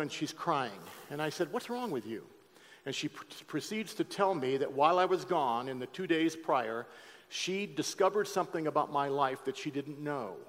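A man with a slightly high voice gives a sermon-style testimony in a large auditorium, where a long hall reverb echoes around him. He talks conversationally and straight to the audience, swinging from hushed tones to loud ones.

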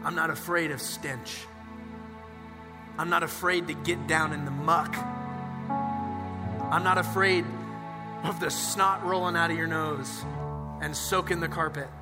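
A male pastor preaches with a fairly high voice, moving from hushed asides to loud, drawn-out emphasis. His words ring out with a long hall reverb, and music plays clearly underneath. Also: steady tone. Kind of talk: sermon. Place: church.

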